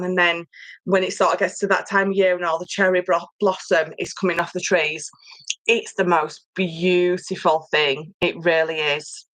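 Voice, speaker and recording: Chatty woman, low voice. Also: a bit bright, dry recording, rough recording. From England. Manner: chatty, rambling, reads viewer comments aloud. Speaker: papercraft host. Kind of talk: casual livestream chat. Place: home craft room.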